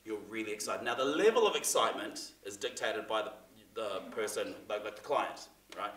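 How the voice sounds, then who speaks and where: A man's voice: on the low side, lively intonation, brisk, fairly bright tone. A man giving a casual, chatty talk to a class, full of fillers and restarts. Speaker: seminar presenter. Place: theatre room. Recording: echoey room, mic from far off.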